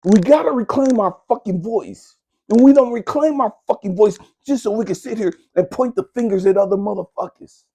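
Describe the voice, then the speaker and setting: A man's voice: high voice, a little fast, mellow, slightly rough. A man, a spiritual coach, delivering a fierce, profane motivational monologue in a preaching, scolding manner.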